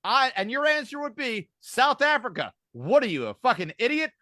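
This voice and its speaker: A man from the United States, co-hosting a podcast, ranting in a brash, animated way and swearing freely. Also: extremely high pitch, normal speed, no echo, studio quality. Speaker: podcast co-host. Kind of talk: casual podcast chat.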